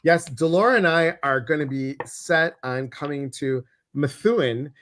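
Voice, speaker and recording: A man's voice: on the high side, measured pace, fairly bright tone. A man co-hosting a weekly card reading live stream, chatting casually and greeting viewers with enthusiasm.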